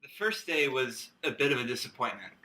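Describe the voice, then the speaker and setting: A man's voice: mid-range voice, lively intonation, a little fast, bright, forceful tone. A young man in his twenties, a student director speaking in an easygoing, reflective documentary interview. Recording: distant mic with music underneath.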